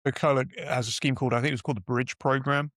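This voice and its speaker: A man's voice: mid-range voice, fairly even intonation, rapid-fire, fairly bright tone, dry recording, studio quality. A middle-aged British man, a podcast guest, telling business anecdotes in a casual, rambling way with frequent restarts. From United Kingdom. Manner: rambling, self-correcting anecdotes. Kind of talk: casual interview storytelling.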